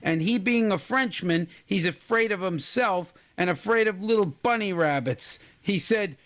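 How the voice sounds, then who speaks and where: A man's voice: sits high, moderate pace. A man co-hosting a casual trivia radio show, joking around and telling stories with silly asides. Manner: jokey, animated, puts on silly voices. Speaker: co-host.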